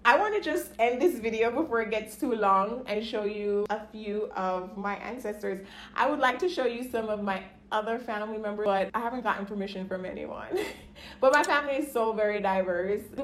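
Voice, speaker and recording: A woman telling personal stories to camera in a casual vlog, chatty, laughing often and acting out the voices of people she quotes. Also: medium pitch. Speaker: vlogger. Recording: echoey room with faint ambient noise.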